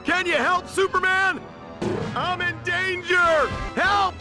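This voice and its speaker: A man's voice: very high voice, steady tone, takes it slowly. A man voicing a whiny, panicky male scientist in a video game who begs over and over for help, with a nasal, whining voice. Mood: pleading. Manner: repeats the same pleading cries. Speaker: game character calling for rescue. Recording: game audio under loud music, distant.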